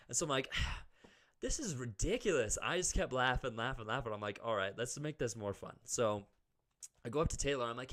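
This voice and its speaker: A young man co-hosts a casual podcast and tells a long personal story. He talks in an animated way and loads his speech with "like." He jumps into loud, high acted-out quotes. His voice sits at an ordinary middle pitch. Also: a little fast. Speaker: podcast co-host.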